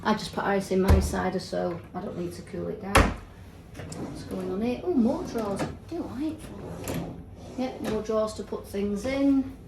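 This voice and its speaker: A fifty-something woman who vlogs about travel is tipsy and swearing freely as she tells lively stories from her hotel room. She speaks in a mid-range voice, unhurried and with vocal fry, over a very noisy recording.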